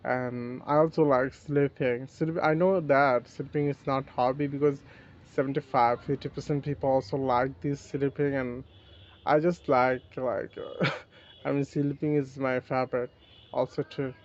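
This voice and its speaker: Flat-voiced Bangladeshi man, halting English. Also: medium pitch, muffled recording. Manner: halting, broken English with restarts. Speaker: English learner. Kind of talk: casual chat with a voice assistant.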